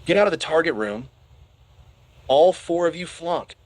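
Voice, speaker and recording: A man's voice: mid-range voice, big pitch swings, a little slow, a bit bright, dry recording. Man doing a bellowing giant drill instructor. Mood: stern bellowing. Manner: bellowing, barking orders. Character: huge bellowing male weapons instructor, stern.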